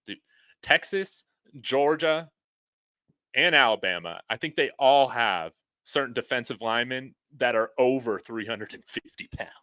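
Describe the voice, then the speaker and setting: A man guesting on a casual sports talk show, easygoing, with quick laughs between points. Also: mid-range voice, bright, forceful tone, clean tone, no room sound.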